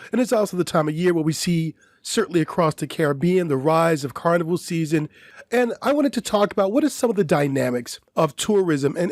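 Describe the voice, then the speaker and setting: A man co-hosting a podcast, his voice a touch high and delivered close to a dry microphone. He talks in a measured, lecturing way, building his argument through strings of questions. His style is that of academic discussion. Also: dry recording. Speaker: podcast co-host.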